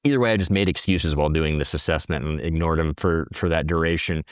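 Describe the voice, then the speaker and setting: A man's voice: extremely low pitch, fast, clear, resonant tone, dry recording, clean studio sound. A man, a former Navy corpsman guest, telling stories casually in blunt, profane talk. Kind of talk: casual storytelling.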